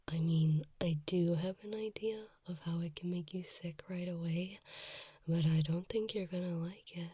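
Sick, giggly woman whispering ASMR. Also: fairly low pitch. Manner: giggly, rambling, often whispering. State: sick with a runny nose. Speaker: ASMR creator.

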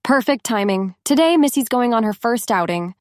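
A woman reading the lines of a calm, firm wife who speaks softly and with composure. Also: fairly high pitch, moderate pace, no echo, clean studio sound, lightly acted. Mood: gentle firm. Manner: soft, composed and reassuring. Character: calm, firm older woman reforming her husband.

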